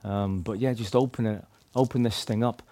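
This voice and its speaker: On the low side and mellow, with a steady tone at normal speed, a man casually recounts his street evangelism. He rambles, restarts, and fills his speech with "like" and "you know". There is no room sound.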